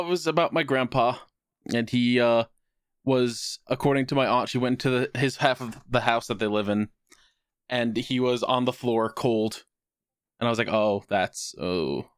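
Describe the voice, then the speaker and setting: A man on a podcast, telling a personal story in casual chat with a wry tone and quick put-on voices for other people. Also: mid-range voice, fairly bright tone, clear, resonant tone, dry recording, clean studio sound. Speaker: podcast co-host.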